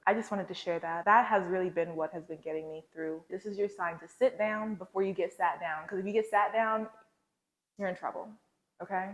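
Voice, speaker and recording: A woman with a somewhat low voice shares a confessional faith story, talking to her viewers in a casual, slangy way. The sound is roomy, with a clear echo around her. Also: brisk. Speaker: lifestyle vlogger. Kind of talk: candid faith storytelling to camera.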